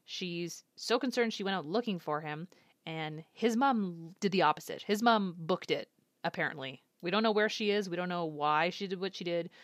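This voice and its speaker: A woman reacts casually to an anime episode, thinking aloud and guessing what will happen next. Her fairly low voice comes through in a dry, studio-quality recording.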